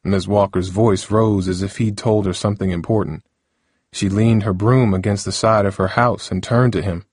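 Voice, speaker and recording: A man narrating an audiobook in a steady, even storytelling voice. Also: fairly low pitch, normal speed, no room sound, clean studio sound.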